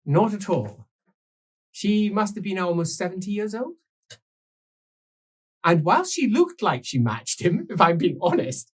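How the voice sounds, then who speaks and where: A husky man narrates an improvised tabletop role-play in character, rambling and giggling through fillers and restarts. His voice leaps up and down in pitch as he tells the tale. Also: big pitch swings, a little slow, long pauses. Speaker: player telling his character's story.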